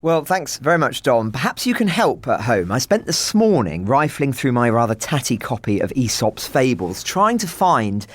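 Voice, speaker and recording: A man's voice: mid-range voice, sing-song, normal speed, few pauses. A man hosting a news podcast, conversational and lightly ironic. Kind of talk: news commentary.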